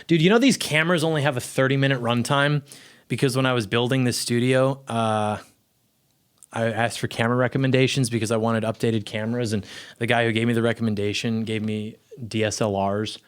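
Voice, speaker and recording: A man's voice: medium pitch, fairly even intonation, brisk, clean tone. A young adult man, a YouTube commentator, chatting casually and rambling to camera from his home studio, often cutting himself off mid-sentence. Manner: rambling, self-interrupting, offhand. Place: small home video studio.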